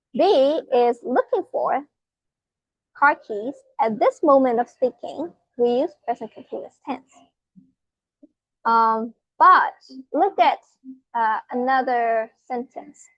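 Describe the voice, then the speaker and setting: Woman teacher, high and unhurried, patient step-by-step explainer, dry muffled lo-fi recording. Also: no echo. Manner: patient, spells out letters, asks rhetorical questions. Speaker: English teacher. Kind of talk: slow explanatory grammar lesson.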